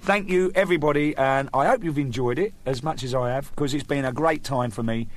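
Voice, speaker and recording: A man's voice: mid-range voice, brisk. A man with an English accent telling rambling jokes to camera, chuckling and restarting often. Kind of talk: casual joke telling to camera.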